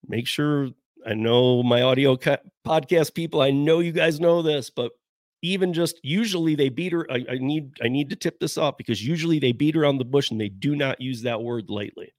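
Male podcast host, rideshare driver, rambling conversational read, mid-pitched, dry close sound. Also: moderate pace, darkish tone, no room sound. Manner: rambling, self-correcting, chatty asides. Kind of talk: casual podcast commentary reading news.

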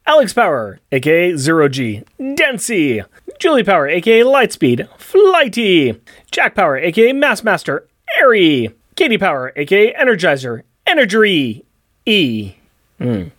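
A podcast co-host making playful deadpan jokes, tasting beer and reading out comic credits and recaps. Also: medium pitch, normal speed, no echo, studio quality. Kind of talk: casual comic-book and beer chat.

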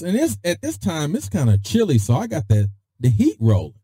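Animated storytelling man, lively pitch. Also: normal speed, husky, dry recording, studio quality. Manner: animated, swings his voice high for emphasis; peppers speech with "freaking" and "daggone". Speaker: podcast host. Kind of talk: casual storytelling.

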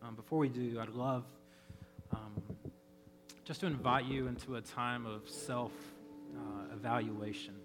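A man's voice: mid-range voice, measured pace. Conversational male pastor preaching. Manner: conversational, animated when storytelling, soft when praying. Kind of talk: sermon. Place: church. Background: faint band music.

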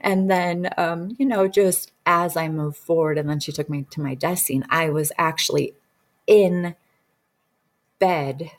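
A woman telling a personal story in casual conversation, earnest and emotional, often dropping into a soft whisper. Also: sits low, fairly even intonation, unhurried. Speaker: guest recounting a regression session.

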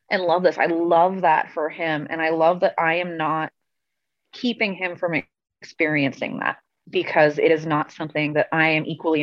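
A woman's voice: lowish voice, no room sound, lo-fi sound. A woman guest on a video call, telling rambling, self-amused stories in a casual chat. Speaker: podcast guest.

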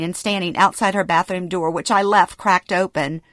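A woman's voice: lowish voice, fairly even intonation, normal speed, few pauses, fairly bright tone, no echo, studio quality. A middle-aged woman reading her own memoir aloud, telling it in the present tense and acting out the dialogue with feeling. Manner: present-tense storytelling, emotional acted dialogue. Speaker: memoir narrator. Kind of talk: first-person memoir reading.

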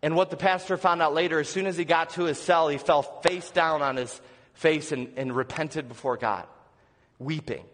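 Earnest male pastor preaching in a hall. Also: normal speed. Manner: earnest, questioning the congregation, dropping to soft low lines. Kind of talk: sermon. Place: church sanctuary.

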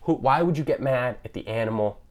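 A man's voice: mid-range voice, fairly quick. A young man hosting a podcast in a sarcastic, ranting comedic monologue. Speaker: podcast host.

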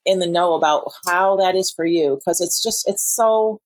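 Woman podcast host, low-middle voice, supportive casual chat. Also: moderate pace, dry recording. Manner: warm encouraging, chatty with fillers.

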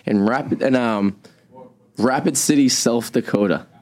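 A man's voice: mid-range voice, unhurried, darkish tone. A man with a Boston accent hosting a radio show, rambling through crude, joking banter with a guest.

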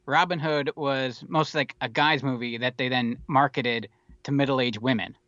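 A man's voice: mid-range voice, steady tone, moderate pace, sharp tone, dry recording, dull audio. A man co-hosting a podcast, talking casually about movies in a rambling, wry way with lots of fillers. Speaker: podcast co-host.

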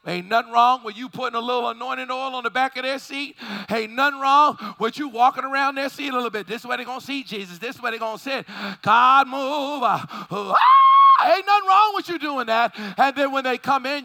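High, bright-voiced fervent preacher man. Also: brisk. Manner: fervent preaching with shouted peaks and call-and-response. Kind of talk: sermon.

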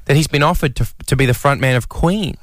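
A man's voice: mid-range voice, fast talker, no echo. A man co-hosting a comedy radio show, telling rambling, playful anecdotes into a studio microphone. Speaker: radio co-host.

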